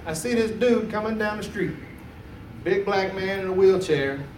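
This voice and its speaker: A man's voice: sits high, normal speed, darkish tone, slight background noise. A man doing a laid-back, chatty stand-up set on a comedy club stage, laughing at his own jokes. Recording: roomy club sound from a distance.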